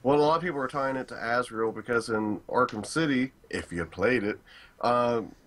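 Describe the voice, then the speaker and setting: A man's voice: mid-range voice, normal speed, fairly bright tone. Rambling young man full of fillers. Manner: rambling with many fillers, profane, opinionated. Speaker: gaming channel co-host. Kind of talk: casual chat.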